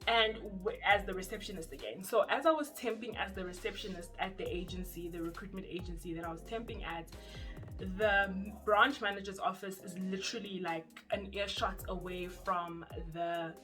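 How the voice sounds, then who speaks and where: A young woman from South Africa with a South African accent, telling her story in a casual, animated vlog. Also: mid-range voice, normal speed. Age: young adult. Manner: chatty and animated, acts out quoted voices. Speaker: YouTuber. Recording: music playing underneath.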